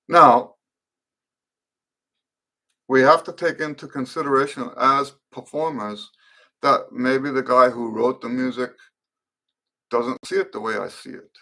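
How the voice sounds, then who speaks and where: Slow, gravelly-voiced male trumpet teacher. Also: mid-range voice, pushed and bright. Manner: thoughtful, unhurried explaining with fillers and restarts. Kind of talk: live-stream Q and A lesson.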